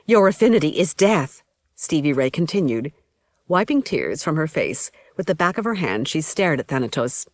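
Low-voiced woman narrating an audiobook. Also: sing-song, moderate pace, no room sound. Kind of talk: first-person audiobook narration.

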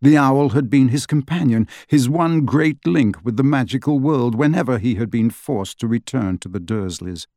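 A man reading an audiobook with steady storytelling narration. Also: medium pitch, moderate pace, hardly any pauses, no room sound, clean studio sound. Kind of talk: scripted narration.

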